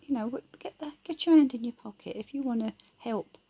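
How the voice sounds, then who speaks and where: A woman's voice: a little high, a little fast, creaky, dark tone, slightly rough. A woman giving her blunt, rambling opinions in casual, colloquial talk.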